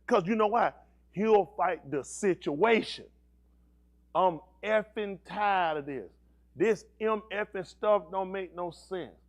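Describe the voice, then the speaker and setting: A man's voice: high voice, slow pace. A male pastor preaching a sermon, asking the congregation questions and teasing them in slang. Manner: animated preaching with call-and-response questions and slang.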